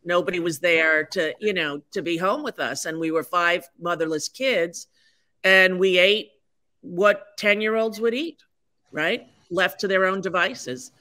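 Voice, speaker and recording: Low-pitched, bright and forceful, this woman in her sixties takes her time as a podcast guest. She tells stories candidly and frankly in a chatty, self-mocking way, using lots of fillers.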